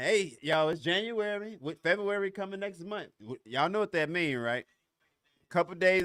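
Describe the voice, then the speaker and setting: A man's voice: a little high, a bit bright, clean tone, no echo, clean studio sound. A middle-aged man hosting a podcast, ranting in a profane, heated and confrontational way, often stumbling over restarts. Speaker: podcast host. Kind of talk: solo podcast rant.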